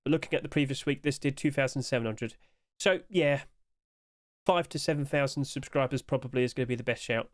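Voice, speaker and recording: A man's voice: medium pitch, brisk. A young man chatting casually through a screen-share review, tired and yawning, asking rhetorical questions and talking to the items on screen. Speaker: game skin market commentator.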